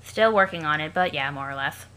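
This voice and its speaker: A cranky young male troll from a webcomic, snide and crude, read by a woman close to her own voice. His low but bright, cutting voice drips with sarcasm. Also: brisk, clear, resonant tone. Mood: sarcastic.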